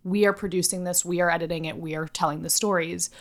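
A woman co-hosting a podcast in casual chat, bubbly and animated when telling stories. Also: lowish voice, fast talker. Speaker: podcast co-host.

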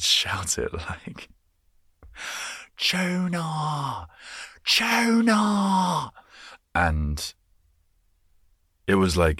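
A man's voice: very deep voice, fairly bright tone, dry recording, clean studio sound. A man in his twenties with an English accent, hosting a solo podcast in a rambling, musing way, easily amused by his own tangents. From England. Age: 20s. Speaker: podcast host. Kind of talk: casual solo podcast chat.

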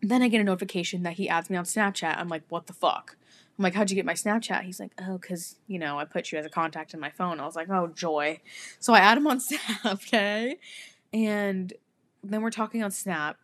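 A woman's voice: mid-range voice, brisk. Young woman telling a wild story. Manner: animated, swears freely, laughs often. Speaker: podcast co-host. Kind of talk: casual storytelling chat.

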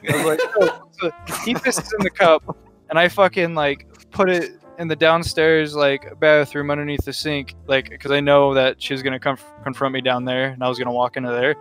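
A man's voice: a little high, level tone, moderate pace, fairly bright tone, smooth, soft background music. Profane young man telling stories. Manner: profane, rambling, laughs while telling stories. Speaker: podcast co-host. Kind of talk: casual storytelling chat.

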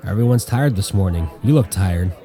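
A man doing a calm steady crew boss. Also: deep voice, moderate pace, soft background music, a faint crowd. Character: steady friendly male crew leader.

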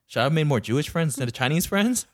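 A man's voice: on the high side, expressive, fast. A young man chatting casually with friends, making wry, teasing asides. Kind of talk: casual chat among friends.

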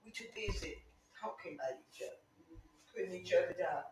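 A middle-aged woman teaching Sunday school in a church, preaching fervently and mixing in chatty personal stories, often rising to emphatic shouts. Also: fairly low pitch, animated, fairly quick, slight background noise. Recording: echoey room, mic far off.

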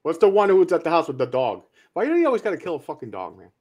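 A man's voice: fairly high pitch, rapid-fire, muffled recording. A man co-hosting a casual movie podcast, retelling horror scenes with heavy swearing and acted-out quotes. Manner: profane, animated retelling of scenes. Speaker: podcast co-host. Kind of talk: casual movie review chat.

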